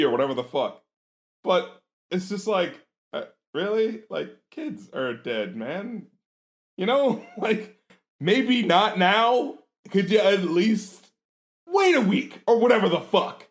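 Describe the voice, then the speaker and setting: A man's voice: high voice, sing-song, a little slow. A man co-hosting a podcast, chatting casually in a profane, indignant way. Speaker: podcast co-host. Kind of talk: casual chat.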